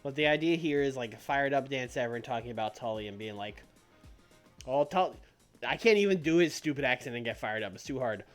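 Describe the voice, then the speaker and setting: A man's voice: medium pitch, animated, fast, few pauses, soft background music. Wry man muttering through a game. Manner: wry, muttering asides with frequent laughs. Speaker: game streamer. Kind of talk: casual let's-play commentary.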